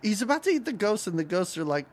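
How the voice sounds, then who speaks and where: A man's voice: high voice, fast. A man co-hosting a podcast in casual chat, laughing often and acting out scenes as he recaps a cartoon. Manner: animated, laughs often, acts out lines from the cartoon. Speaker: podcast co-host.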